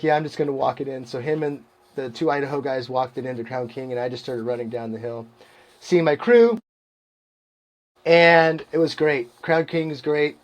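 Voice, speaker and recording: Animated middle-aged man telling a story. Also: a little high. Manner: animated, laughs often, acts out quoted voices. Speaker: podcast host. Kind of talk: casual storytelling monologue.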